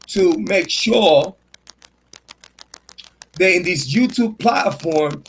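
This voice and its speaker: Swaggering high-voiced man streaming. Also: fairly bright tone, slight background noise, low-quality recording. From Puerto Rico. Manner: boastful, swaggering street slang. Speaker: true crime and sports commentary host. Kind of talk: casual livestream monologue.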